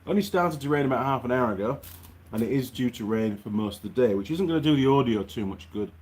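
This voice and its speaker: A man's voice: mid-range voice, expressive, quick pace, darkish tone. A man hosting a casual livestream from his workshop. He chats, reads out viewer comments and grumbles. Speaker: host.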